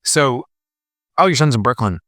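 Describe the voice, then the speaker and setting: A middle-aged man from New Jersey co-hosting a podcast, chatting casually and telling animated stories. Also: medium pitch, moderate pace, no echo, clean studio sound. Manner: animated storyteller, mimics other people's voices. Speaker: podcast co-host. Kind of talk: casual chat.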